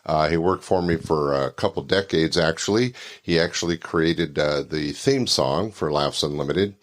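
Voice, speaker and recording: A man with a very deep, low voice introduces the next act on his comedy podcast. He talks unhurriedly and keeps pausing with filler sounds. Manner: unhurried, many "uh" pauses. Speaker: podcast host, former comedy club owner.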